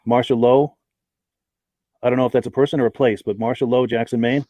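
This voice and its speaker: Guy hosting a live podcast, talks quick, reads off viewer names, dry close sound. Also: medium pitch, little pitch movement, mellow, no room sound. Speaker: podcast host. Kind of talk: live-stream podcast chat.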